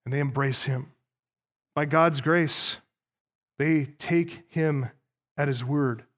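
A male pastor delivers a sermon in a fairly high voice. He speaks emphatically and keeps drawing his listeners in with rhetorical questions. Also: steady tone, slow pace, a bit bright.

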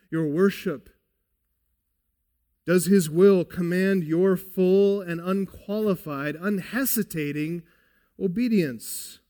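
Male pastor, sermon delivery; slow and emphatic, fairly high voice, long hall reverb. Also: mellow. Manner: deliberate, emphatic, addresses listeners as beloved.

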